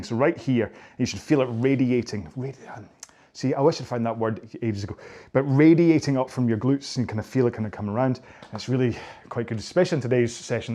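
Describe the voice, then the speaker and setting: A man's voice: medium pitch, darkish tone. A Scottish man, around his forties, leading a follow-along stretching session as a rowing instructor, talking in a jokey, rambling, self-deprecating way. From Scotland.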